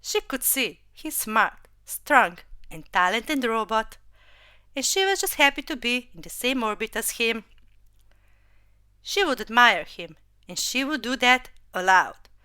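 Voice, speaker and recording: Brief: woman storyteller, slow and gentle, smooth crisp voice, dry close sound. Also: a little high, big pitch swings, no echo. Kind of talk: storybook narration.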